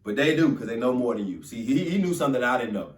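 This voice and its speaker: A man's voice: mid-range voice, fast talker. Young man telling a motivational story. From Florida. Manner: animated, casual and conversational. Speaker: motivational speaker. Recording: roomy sound from a distant mic.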